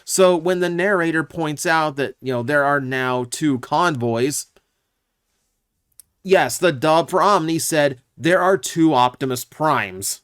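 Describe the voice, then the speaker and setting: A man's voice: a little high, slow pace, fairly bright tone, clean tone, dry recording, studio quality. A man hosting his own channel, giving casual, opinionated commentary with lots of asides and fillers. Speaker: YouTube channel host.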